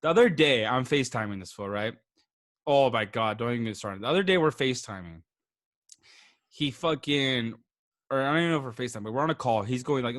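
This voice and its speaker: A young man co-hosting a podcast, telling an animated, teasing story with lots of swearing. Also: mid-range voice, fast talker, dry recording, clean studio sound. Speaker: podcast co-host. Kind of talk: casual chat.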